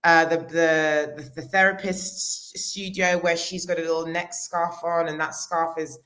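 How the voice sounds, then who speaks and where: A woman's voice: low-pitched, flat delivery, a little slow, fairly bright tone. A woman, a costume designer talking casually in an interview, with many restarts. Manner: chatty, many restarts and fillers.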